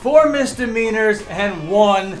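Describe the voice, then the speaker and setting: A YouTuber hosts a mock-serious comedy commentary in a high-sitting, animated voice, taking it slowly while faint music plays behind him. He lectures sarcastically and throws in mocking impressions.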